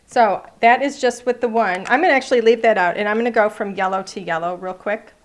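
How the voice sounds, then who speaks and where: Speaking a little fast at a medium pitch, a woman runs a live cardmaking session, narrating every step of her craft work in a playful, chatty way.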